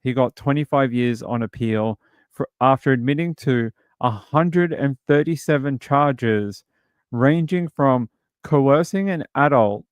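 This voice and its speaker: A man's voice: medium pitch, clean tone, dry recording. A British man hosting a true crime livestream, talking casually and reading out chat messages. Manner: rambling, reads chat aloud. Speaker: streamer host.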